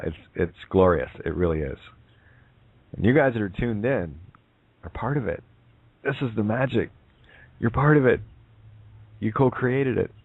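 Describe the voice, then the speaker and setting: Deep-voiced man rambling over a phone line. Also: no room sound. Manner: rambling, many fillers and "right?" checks. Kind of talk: casual spiritual talk. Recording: tinny phone line, dry.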